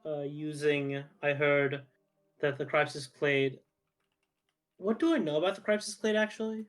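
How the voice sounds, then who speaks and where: A man's voice: on the high side, fairly even intonation, a little slow, fairly bright tone, faint music behind. A man playing in a tabletop game, speaking politely in character. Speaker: player. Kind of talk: tabletop role-play.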